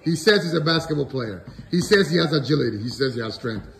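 A man's voice: fairly high pitch, animated, fast talker, gravelly, fairly bright tone, slight background noise. A man in his thirties, a father cheering his family on in a playful home vlog. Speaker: father and vlogger. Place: home gym.

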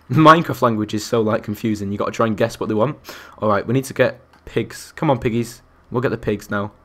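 A young man commentating his Minecraft survival game, chatty and excitable, talking to the animals and to his viewers. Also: lowish voice, fairly quick. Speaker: gaming YouTuber. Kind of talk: Minecraft let's-play commentary.

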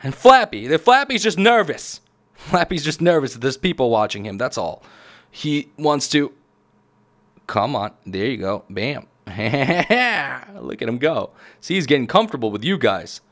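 A man hosting a gaming video, giving excitable gameplay commentary and shouting at the game. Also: medium pitch, a little slow. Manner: excitable, yells at the game, chuckles. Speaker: gaming channel host.

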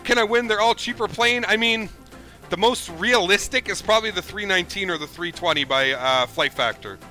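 A man's voice: high-pitched, fairly quick, pushed and bright, soft background music. A man streaming a flight simulator, chatting casually with viewers, thanking them and reading their chat messages aloud. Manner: casual and upbeat, chatty, calls viewers dude.

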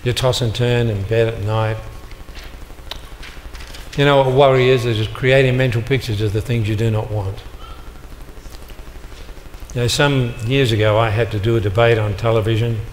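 An older man, a motivational speaker, addresses a live audience in a large hall, telling stories and acting out dialogue with punchy comic timing. His mid-range voice holds a steady tone at a moderate pace with long pauses. The live hall recording carries long reverb and a little hiss or hum.

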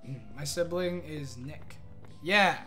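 A young man streaming a game live, chatting excitedly, swearing and thanking his viewers. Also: fairly high pitch, slow, faint music behind.

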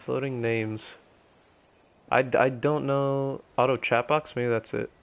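A young man streaming a game live, muttering to himself with halting restarts and casual swearing. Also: medium pitch, steady tone, gravelly, lo-fi sound.

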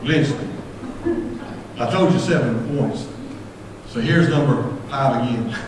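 A man preaching a sermon as pastor, folksy and impassioned, rising to shouts at his peaks. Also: mid-range voice, unhurried, background noise. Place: church sanctuary. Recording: echoey church hall from far off.

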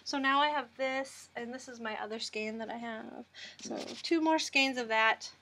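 A woman hosting a casual knitting vlog, chatting in an upbeat way and answering often with a quick "yep.". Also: on the high side, sharp tone, a little hiss or hum. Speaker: knitting vlogger, host. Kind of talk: casual chat.

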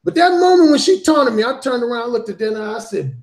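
A man's voice: very high-pitched, lively intonation, a little fast. A man telling a story as a podcast guest, speaking bluntly and profanely with heavy emphasis. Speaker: podcast guest, dating author. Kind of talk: casual storytelling in a talk show.

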